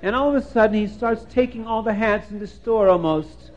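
A man's voice: high-pitched, fairly quick. A man telling a folk tale aloud in a homely, rambling way with fillers. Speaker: storyteller. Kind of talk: oral storytelling. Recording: dull lo-fi recording.

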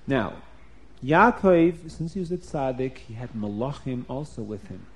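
A man telling a story to children in a lively, emphatic way, changing his voice often. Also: mid-range voice, unhurried.

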